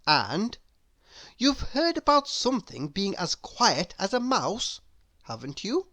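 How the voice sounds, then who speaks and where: A woman reading a children's story aloud, expressive and asking the listener questions. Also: mid-range voice, slow pace.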